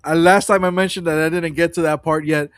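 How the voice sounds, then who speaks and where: A man's voice: on the high side, fairly even intonation, fairly quick, clear, resonant tone, no room sound. A man co-hosting a casual gaming podcast, talking in a loose, rambling way with plenty of swearing. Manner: loose and profane, rambling asides. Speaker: podcast co-host. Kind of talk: casual livestream chat.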